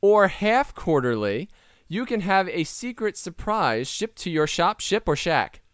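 A man's voice: high-pitched, sing-song, measured pace, fairly bright tone, clear, resonant tone, dry recording. A man hosting a casual comedy podcast, playful and often laughing mid-sentence. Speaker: podcast host.

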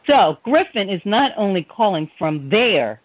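Lively older woman radio co-host. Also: mid-range voice, unhurried, slightly rough. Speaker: co-host and executive producer. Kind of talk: casual radio talk. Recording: dull lo-fi radio audio.

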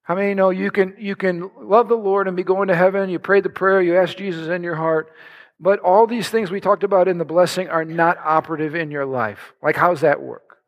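A man preaching a sermon to his congregation, animated and conversational, acting out little prayers and scenes in other voices. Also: high voice, fairly quick, highs cut off. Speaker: pastor. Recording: long hall reverb.

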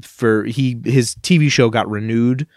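A man's voice: medium pitch, measured pace, a little mellow, dry recording, clean studio sound. Enthusiastic rambling male podcast co-host. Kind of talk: casual chat.

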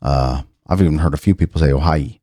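A bass-voiced middle-aged man with a dark, slightly rough tone talks fast while hosting a casual radio-style chat show. He rambles and muses aloud over news items, restarting frequently, and the studio recording is dry.

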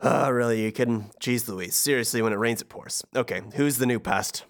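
A man voicing a smug, fast-talking male god of the underworld, with sarcastic patter. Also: medium pitch, close to an everyday voice. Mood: exasperated. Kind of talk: podcast impression of a game villain.

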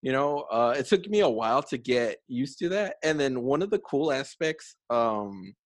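A man's voice: medium pitch, big pitch swings, normal speed, no room sound. A young man hosting a casual conversation, chatty with many fillers and frequent laughter.

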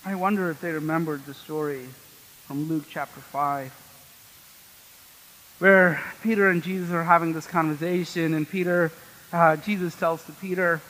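A man's voice: fairly high pitch, fairly even intonation, moderate pace, fairly bright tone, big-room sound, rough recording. A man preaching a sermon as pastor in a church, conversational and asking the congregation questions.

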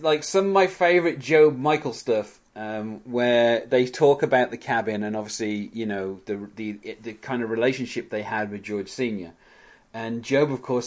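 A chatty male podcast host gives a loose, casual recap of an episode scene by scene. He laughs often along the way, speaking at a middling pitch.

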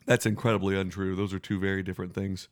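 A man's voice: low voice, flat delivery, fast, dry recording, studio quality. Blunt, joking podcast host man. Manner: joking, blunt, swears freely. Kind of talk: casual podcast banter.

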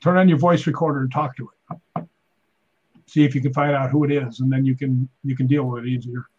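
A middle-aged man, a stuntman and paranormal investigator, telling animated stories in casual chat and acting out voices. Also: mid-range voice, brisk, husky, lo-fi sound.

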